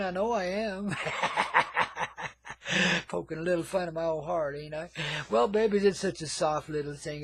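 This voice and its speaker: Older male radio host, a bit high-pitched, laid-back hippie monologue, calls everyone man and babies. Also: slightly rough, no room sound. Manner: swings between murmured asides and loud outbursts. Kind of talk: rambling monologue.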